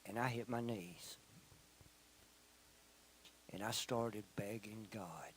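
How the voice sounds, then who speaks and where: A middle-aged man giving a personal testimony in church, telling his story slowly and earnestly, often dropping to a quiet voice. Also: on the low side, steady tone, a little hiss or hum, rough recording. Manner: slow, earnest storytelling with quiet, soft-spoken stretches. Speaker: testimony speaker.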